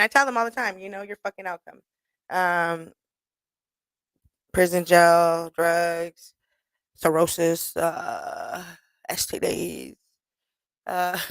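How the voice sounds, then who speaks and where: A woman's voice: fairly low pitch, normal speed, vocal fry, fairly bright tone, no room sound. A woman radio host, talking in a blunt, profane, casual monologue and laughing often. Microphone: studio mic.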